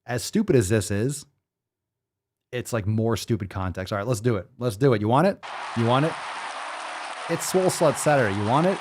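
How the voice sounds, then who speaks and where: A male fitness host in full rant mode, swearing freely and firing off incredulous rhetorical questions. His pitch swings all over the place as he talks, sitting at an ordinary middle height. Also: animated, moderate pace, long pauses, crowd noise, noisy background. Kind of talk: ranting commentary.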